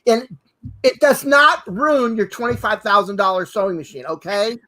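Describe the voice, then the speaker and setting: Pitched high with a pushed, bright tone at normal speed, a costume designer co-hosting a demo shows off sewing tools. He's exuberant and exclamatory, saying "fabulous" and "hello" over and over.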